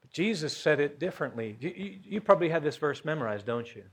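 A man preaching a sermon as pastor, folksy, questioning his congregation and rising to loud emphasis. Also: fairly high pitch, lively intonation, fast, breathy edge.

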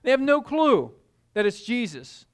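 A man preaching a sermon, telling the story in an animated way and acting out the scenes. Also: very high voice, measured pace. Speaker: pastor.

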